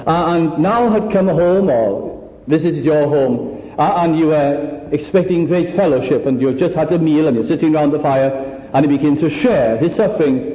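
A man preaching a sermon, earnest and full of rhetorical questions, pausing to act out the people he quotes. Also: fairly high pitch. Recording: echoey hall, dull lo-fi sound.

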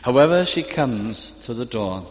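An older man preaching a sermon, earnest and storytelling, reciting scripture slowly and tenderly. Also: mid-range voice, animated. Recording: long reverb of a church hall.

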